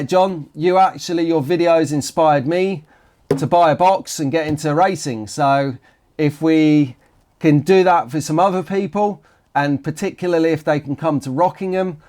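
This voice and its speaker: British male vlog host, chatty and rambling, slightly raised pitch. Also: darkish tone. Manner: chatty and rambling, with frequent restarts. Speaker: slot car vlogger. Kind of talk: casual chat to camera.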